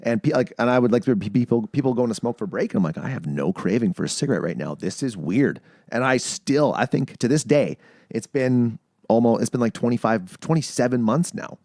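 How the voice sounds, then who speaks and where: A man hosts a casual podcast chat. He tells stories with energy and breaks into acted-out voices for the quotes. His voice sits at a middle pitch and sounds dry and close. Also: fairly quick, no echo. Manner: animated storyteller, acts out quoted voices. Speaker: podcast host.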